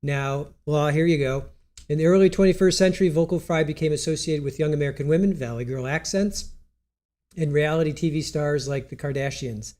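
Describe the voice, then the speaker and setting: A man hosts a live stream in loose, rambling chat, with a stuffy nose. His voice sits fairly high but sounds dark and mellow, and he laughs easily while he stumbles through text he reads aloud. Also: brisk.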